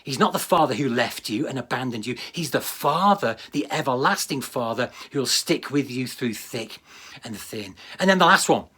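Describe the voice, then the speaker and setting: A man's voice: medium pitch, expressive, normal speed, pushed and bright, husky. A man with a British accent preaching a livestreamed sermon, earnest and emphatic, repeating key phrases for weight. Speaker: pastor.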